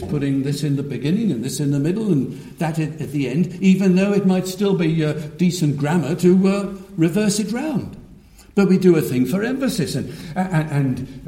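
A man preaching a sermon, measured and emphatic, with frequent restarts. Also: a little high, warm tone, echoey room.

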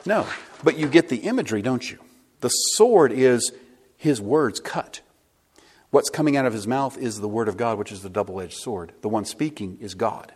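A man's voice: medium pitch, slightly rough. A man preaching a sermon, emphatic and asking the congregation rhetorical questions.

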